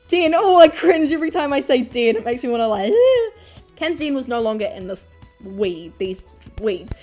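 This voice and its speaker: A young woman tells a storytime vlog, animated, laughing often and swearing freely. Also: a little high. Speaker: vlogger.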